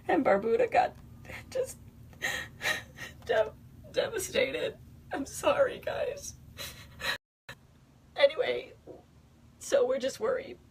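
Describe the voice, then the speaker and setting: A woman's voice: on the high side, a little hiss or hum, rough recording. Emotional rambling woman on a boat. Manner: emotional, rambling, many fillers. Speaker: vlogger showing her home. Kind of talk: casual livestream walkthrough. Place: indoors on a moored boat.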